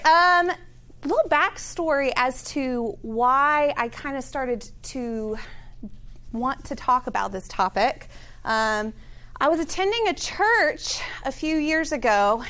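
A woman speaking to a live audience, leading a prayer and then teaching in a conversational, animated way, chuckling between phrases and often saying um. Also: sits high. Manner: conversational with frequent fillers. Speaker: speaker at a Christian gathering. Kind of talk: teaching talk with an opening prayer.

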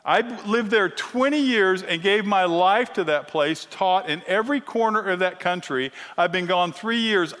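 High-voiced male preacher in a big hall. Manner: animated, teasing, keeps checking in with "okay?". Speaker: Bible teacher. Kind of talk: sermon-style teaching. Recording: long reverb of a large hall.

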